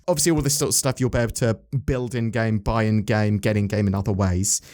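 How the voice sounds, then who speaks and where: A man's voice: lowish voice, fairly even intonation, quick pace, darkish tone. A man hosting a casual chat about game news, rambling and asking his co-host questions.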